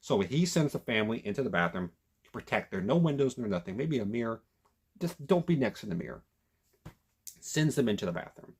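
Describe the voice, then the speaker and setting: A man reviewing a documentary in casual commentary, emphatic and animated, often restarting his sentences. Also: lowish voice, brisk, breathy edge. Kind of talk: casual commentary retelling a story.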